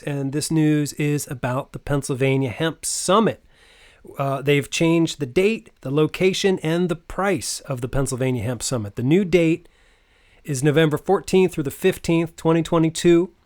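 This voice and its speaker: A man hosting a podcast, talking in a chatty, wry, mildly sarcastic way. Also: on the high side. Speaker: podcast host. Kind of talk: casual podcast monologue.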